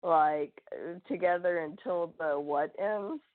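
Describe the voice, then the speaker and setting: Low-voiced woman chatting, phone-like sound. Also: slow, a loud crowd. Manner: animated, rambling, jokey. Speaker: podcast co-host. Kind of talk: casual chat. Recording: tinny phone-like line.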